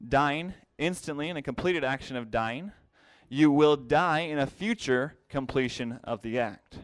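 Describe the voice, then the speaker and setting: A man's voice: mid-range voice, measured pace, clean tone, no room sound. Man teaching a Bible class, dry sound. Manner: explanatory, repeats key phrases for emphasis. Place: classroom with a whiteboard.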